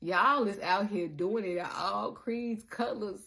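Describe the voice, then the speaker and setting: A woman talking casually to her followers in an animated, profane monologue, laughing often. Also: mid-range voice, takes it slowly, creaky. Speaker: social media creator. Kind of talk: casual direct-to-camera monologue. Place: in Chicago.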